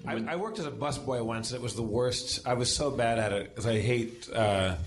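A man's voice: mid-range voice, moderate pace, a little hiss or hum. A man co-hosting a comedy podcast, telling self-mocking stories casually with laughter. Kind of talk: casual storytelling.

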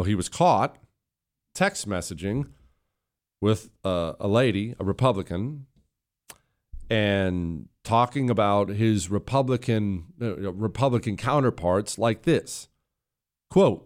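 A man's voice: on the low side, expressive, slow pace, long pauses. A male radio talk show host delivering a heated political monologue into a studio microphone, indignant and mocking.

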